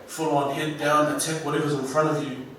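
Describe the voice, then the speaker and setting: A man with a New Zealand accent giving an inspirational graduation speech, slow and emphatic, heard from far off through a hall's speakers. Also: on the high side, level tone, fairly bright tone, a little hiss or hum. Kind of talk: ceremonial speech. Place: large school hall. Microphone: PA microphone, recorded from the audience. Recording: echoey hall from far off.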